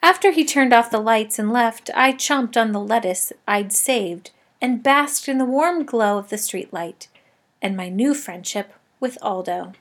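A woman narrating a children's story in the first person with a lively, expressive reading. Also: on the high side, a little slow. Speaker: audiobook narrator.

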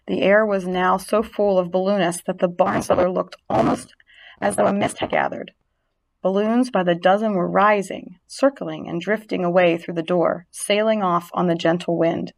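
A woman narrating a storybook reading aloud, gentle and expressive. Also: lowish voice, normal speed, gravelly.

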